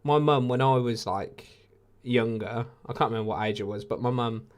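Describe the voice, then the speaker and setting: A man's voice: medium pitch, normal speed. A man in his late twenties with an English accent, hosting a casual live watch-along and chatting with viewers, laid-back and laughing often. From England. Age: 20s.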